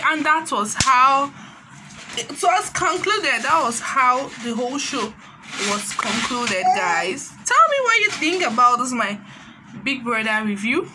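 A woman with a Nigerian accent chatting through a casual gossip recap of a reality show, animated and sprinkling in Pidgin phrases. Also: high-pitched, a little slow, background noise.

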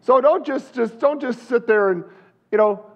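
A man's voice: very high voice, normal speed. A male pastor preaching an emphatic sermon in a church and repeatedly calling out to the congregation. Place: church sanctuary.

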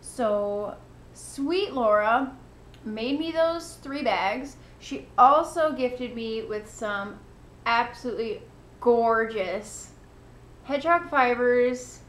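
A woman's voice: a little high, takes it slowly, roomy sound. A woman hosting a knitting podcast, chatting casually and gushing with thanks. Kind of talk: casual chat to camera.

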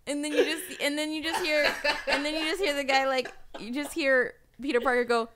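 A woman hosting a podcast in casual chat who laughs often and jumps up in pitch when she quotes people. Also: little pitch movement, brisk, hardly any pauses, noisy background. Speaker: podcast host. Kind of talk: casual chat reacting to a movie trailer.

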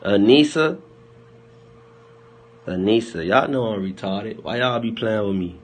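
On a phone livestream, a young man rambles loosely, laughing and teasing his viewers in heavy slang. His voice is on the low side and slightly rough, at a normal speed.

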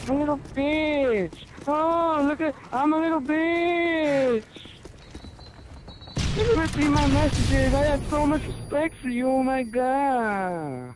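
Guy doing a high whiny bratty kid voice, sneering and drawn out, gunfire blasting behind. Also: noisy background. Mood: mocking whine. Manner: mocking, whining, drawn-out sneer. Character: whiny bratty boy gamer crying to mommy. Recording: loud gunfire from game audio.

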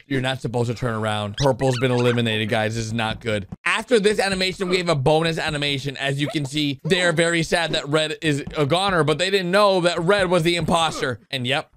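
A man giving excited reaction commentary on animations as a YouTuber, excitable and animated. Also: a little high, normal speed, a little hiss or hum. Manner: excitable, animated, repeats "oh no" and "dudes".

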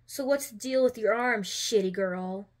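A woman reading a fan story aloud, voicing a rude, hot-tempered teenage boy who snarls his insults loudly. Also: medium pitch, a little slow, close to an everyday voice. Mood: aggressive.

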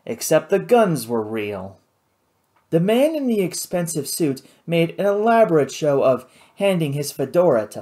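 An audiobook narrator reading a novel in a measured, descriptive storytelling manner. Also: mid-range voice, a little mellow.

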